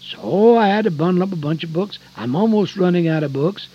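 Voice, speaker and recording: An older man preaching a folksy radio sermon, emphatic, swinging between loud stretches and hushed ones. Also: high voice, brisk, breathy edge, muffled recording.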